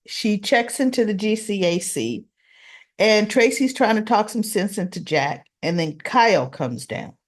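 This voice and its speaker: A woman hosting a casual soap opera recap, animated and acting out the characters' lines. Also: medium pitch, unhurried.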